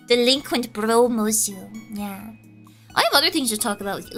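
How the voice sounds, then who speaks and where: A young woman streams through a headset, talking to her chat so loudly she almost yells every word. Her voice is high and bright, and it swings up and down a great deal. She giggles often, with faint music underneath. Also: huge pitch swings, slow pace. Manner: giggly, chatty, addresses chat directly. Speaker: VTuber streamer.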